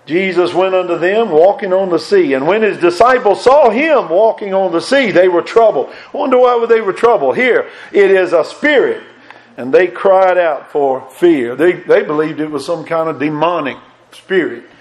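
A man preaching a sermon, fervent and emphatic, repeating words and swinging between raised and hushed delivery. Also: high-pitched, animated, moderate pace, poor audio.

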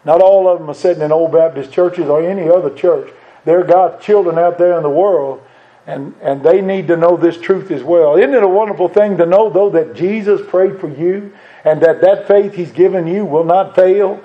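A man's voice: high voice, normal speed, muffled recording. A man preaching a sermon in a church, acting out the voices of scripture figures and rising in force as he goes.

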